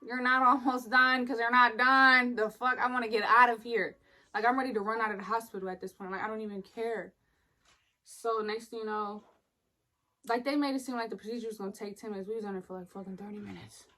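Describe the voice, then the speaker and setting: A woman's voice: a little high, fairly even intonation, fast, pushed and bright, rough recording. A young woman, casually telling the story of a painful hospital stay, blunt and profane, acting out the other people in it.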